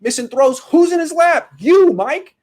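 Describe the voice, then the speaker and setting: A male sports podcast host in casual chat, ranting in an animated, exasperated way. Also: very high voice, unhurried.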